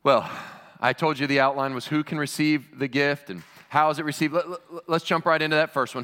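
Male pastor, fairly high voice, emphatic sermon delivery, long hall reverb. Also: brisk, few pauses. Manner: animated, rising to shouts on key lines.

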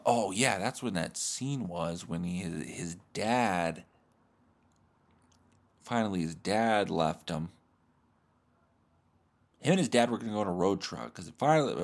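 A comedian and podcast host talking alone, rambling in a profane, self-deprecating way. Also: male voice, sits low. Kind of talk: solo podcast monologue.

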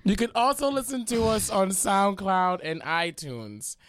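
Smooth-voiced young woman radio host. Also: mid-range voice, animated, unhurried. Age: 20s. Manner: loose, joking and profane, with bursts of laughter. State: slightly congested sinuses. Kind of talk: casual radio chat. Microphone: studio mic.

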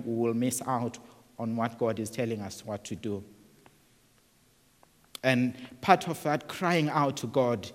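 A male preacher delivers a sermon at an unhurried pace. He speaks earnestly, repeating words and restarting phrases as he goes. His voice carries a long reverb, as though heard in a large hall. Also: mid-range voice.

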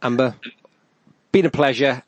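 A man's voice: mid-range voice, unhurried, no room sound. Male podcast host, eager and chatty, dry studio sound. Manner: chatty, eager, plugs his projects. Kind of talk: casual podcast interview.

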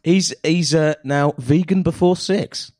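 A man's voice: fairly high pitch, a little slow, a little mellow, no room sound, clean studio sound. A man in casual comic banter, giggling as he tries to get a story out. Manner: giggly, breaks into laughter mid-sentence.

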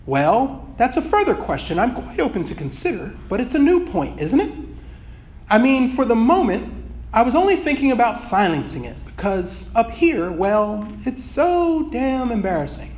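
A man's voice: very high-pitched, big pitch swings, moderate pace, a little mellow, pitched above the performer's own voice. A man reading aloud and voicing an evasive, embarrassed male ghost who pleads and makes polite excuses. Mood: pleading.

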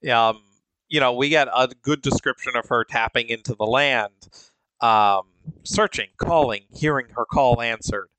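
A man co-hosting a podcast, retelling a story in an unhurried, animated way with fillers. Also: mid-range voice, clear, resonant tone, dry recording, poor audio. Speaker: podcast co-host. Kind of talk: casual chat recapping stories.

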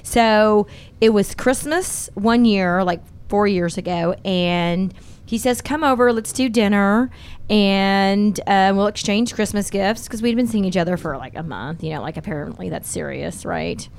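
A middle-aged woman hosting a podcast, telling a candid, profane dating story in animated casual chat. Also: mid-range voice, a little slow, vocal fry, clean tone. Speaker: podcast host.

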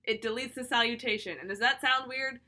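A young woman co-hosting a podcast, telling stories in casual chat with loud, swearing outbursts. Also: a little high, a little fast. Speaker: podcast co-host.

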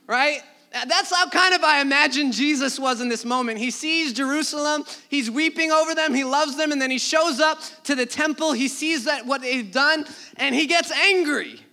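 A man delivers a sermon with a high, bright, forceful voice. He talks conversationally, slipping into acted-out asides and vivid retellings as he preaches. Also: moderate pace, hardly any pauses. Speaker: pastor.

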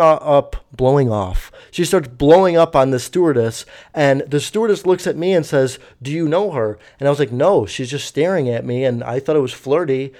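Young dude rambling a storytime, swears a lot, says like a ton, kinda high voice. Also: male voice, a little mellow. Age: young adult. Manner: rambling, profane, lots of fillers. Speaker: vlogger. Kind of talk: casual storytime.

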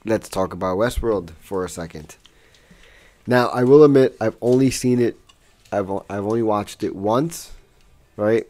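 A man's voice: fairly low pitch, measured pace, a little mellow. A man in casual podcast chat, telling stories loosely, laughing and swearing. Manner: loose, laughing storyteller with profanity. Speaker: podcast co-host.

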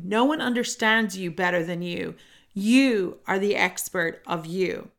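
A middle-aged woman hosting a solo self-help podcast, telling a personal story in an earnest, animated way. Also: lowish voice. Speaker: podcast host.

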